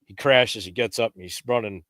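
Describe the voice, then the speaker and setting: A man telling a lively, casual story as a podcast guest, raising his pitch when he acts out what others said. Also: moderate pace, no echo, clean studio sound.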